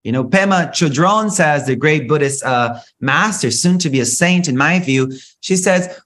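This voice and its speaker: A man hosting a solo spiritual podcast, talking in an animated, profane, rant-like way with big swings in pitch. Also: moderate pace. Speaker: podcast host.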